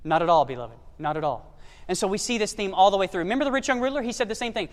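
A man with a strikingly high voice preaches an emphatic sermon. He keeps turning questions back to the congregation. His voice rings out with the long reverb of a big church hall. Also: lively intonation, racing.

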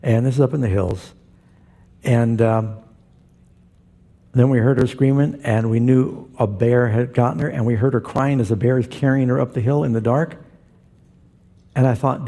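A man's voice: mid-range voice, normal speed, long pauses, dark tone. A male pastor preaching a sermon, telling stories and acting out the quoted voices.

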